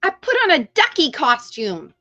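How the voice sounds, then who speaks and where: A woman's voice: sits high, wildly swooping pitch, moderate pace, bright, forceful tone. A woman hosting a livestream who rants heatedly, swears freely and. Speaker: livestream host. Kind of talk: ranting livestream talk. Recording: dull lo-fi stream audio.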